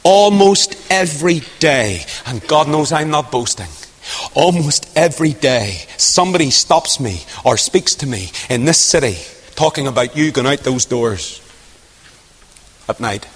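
Male preacher with a highish voice, dramatic sermon delivery, recorded in a big echoing hall. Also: expressive, measured pace, slightly rough. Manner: dramatic, swings from loud rising questions to hushed near-whispers. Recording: long hall reverb.

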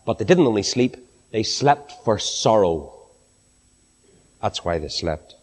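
A man preaching a sermon to a congregation, swinging from high, ringing exclamations down to low, hushed phrases. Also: big pitch swings, slow, husky. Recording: long hall reverb.

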